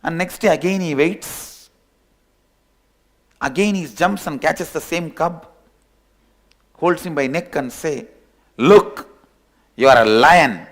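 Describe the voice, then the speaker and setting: A man telling a parable during a spiritual discourse. His voice is gravelly and sits a little high, and he speaks slowly. He repeats his phrases and chuckles at his own jokes. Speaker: spiritual teacher.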